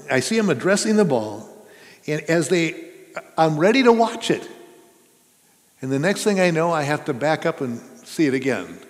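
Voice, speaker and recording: A man preaching a sermon as pastor, earnest and conversational, asking his listeners questions. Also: a little high. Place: church sanctuary. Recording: reverberant church hall.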